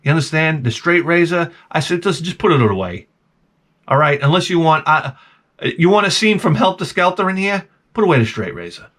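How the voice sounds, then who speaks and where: An older man tells a comic story in a lively, high-pitched voice. He acts out his own reactions and swears freely. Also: fairly quick. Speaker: vlog host.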